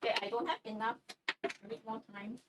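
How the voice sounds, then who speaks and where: A woman's voice: on the high side, level tone, fairly quick. A woman streaming while she bakes in her kitchen, chatting casually and rambling, with plenty of swearing. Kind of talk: casual livestream chat while baking. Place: home kitchen. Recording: distant mic with faint background noise.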